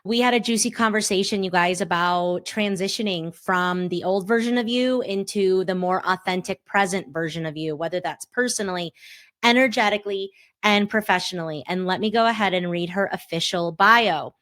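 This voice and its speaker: A woman's voice: mid-range voice, moderate pace. Effusive woman podcast host. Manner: warm affirming, effusive. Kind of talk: podcast intro and interview.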